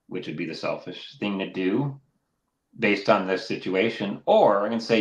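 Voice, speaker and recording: A man's voice: lowish voice, normal speed, dull audio. A man co-hosting a casual faith podcast, talking earnestly and at length, and acting out critics with sudden bursts of energy. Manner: earnest, rambling, animated when mimicking others. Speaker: podcast co-host. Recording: roomy echo.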